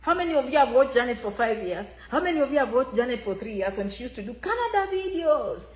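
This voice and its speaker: Animated high-voiced woman, emphatic. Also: fast talker, echoey room. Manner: repetitive, emphatic, refers to herself by name. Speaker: immigration consultant. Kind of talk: animated motivational talk to viewers.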